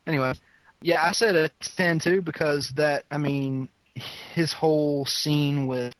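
A man's voice: fairly high pitch, steady tone, a little slow, dry recording, low-quality recording. A man co-hosting a podcast in casual chat, who laughs often and restarts his sentences. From West Virginia. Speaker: podcast co-host.

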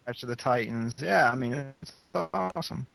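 A man's voice: mid-range voice, expressive, moderate pace, vocal fry, fairly bright tone, dry recording, low-quality recording. A man co-hosting a podcast, chatting casually, rambling and laughing often. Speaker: podcast co-host. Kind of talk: casual chat.

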